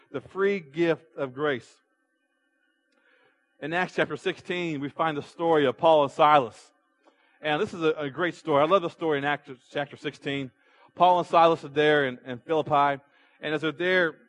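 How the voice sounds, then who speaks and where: A man's voice: on the high side, a bit bright. A male pastor preaching a sermon, retelling a story and putting rhetorical questions to his congregation. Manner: storytelling with repeated restarts.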